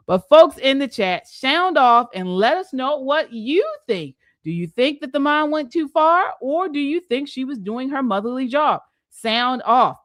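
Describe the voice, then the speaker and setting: A woman hosting a live panel talk, giving her opinions in a lively, outspoken way. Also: high voice, a little slow, no room sound, clean studio sound. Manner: animated, opinionated. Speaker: show host.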